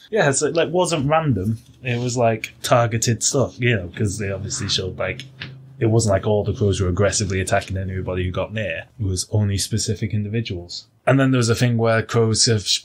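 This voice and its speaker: A man with a husky, slightly low voice co-hosts a comedy podcast. He talks in a relaxed, rambling way, laughing often and filling gaps with ums and likes. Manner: laughs often, trails off with fillers. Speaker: podcast co-host. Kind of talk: casual comedic chat.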